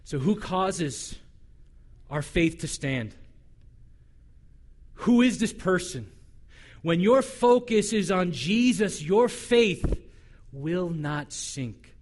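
A male pastor preaching a sermon in a conversational, humorous way, animated and acting out the voices he quotes. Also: sits high, extremely slow, long pauses.

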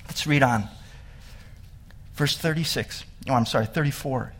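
A man preaching a sermon, telling the story with animation and getting louder and higher as he builds, then dropping quiet for sad parts. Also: measured pace. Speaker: pastor.

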